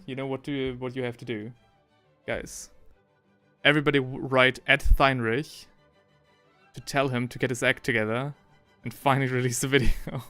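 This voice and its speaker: A man's voice: medium pitch, bright, forceful tone. A man in the middle of his voice range, chatting casually on a live hobby stream. He rambles and often restarts mid-sentence, reading viewer messages aloud, with faint music playing underneath. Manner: rambling, self-correcting, reads chat aloud. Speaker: livestream host painting miniatures. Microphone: headphones with desk mic.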